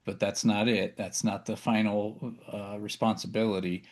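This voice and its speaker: A man's voice: lowish voice, level tone, normal speed. A man co-hosting a business talk show, reflecting aloud in casual chat. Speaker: podcast co-host.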